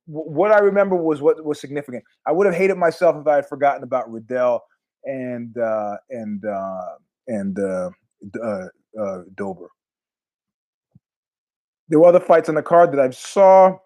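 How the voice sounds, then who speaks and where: A man hosting a podcast in a casual, rambling monologue, swearing and trailing off in asides. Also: mid-range voice. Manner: rambling, profane, animated asides. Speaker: podcast host.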